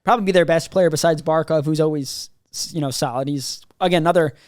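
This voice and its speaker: A man's voice: a little high, quick pace, darkish tone, dry recording, clean studio sound. A man, co-hosting a hockey podcast and giving emphatic casual analysis. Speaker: podcast co-host.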